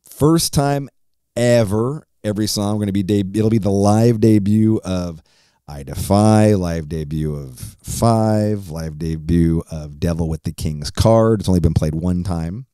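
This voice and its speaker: A man's voice: sits low, a little slow, mellow, clear, resonant tone, dry recording, studio quality. A man in his forties hosting his own podcast, chatting casually in a rambling, profane way and laughing often. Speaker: podcast host. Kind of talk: casual solo podcast chat.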